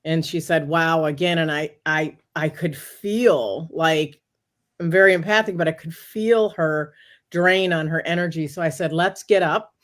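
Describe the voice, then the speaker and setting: Animated woman telling a story. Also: low-pitched, measured pace. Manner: animated, talks through quoted inner dialogue. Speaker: guest. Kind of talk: casual interview storytelling.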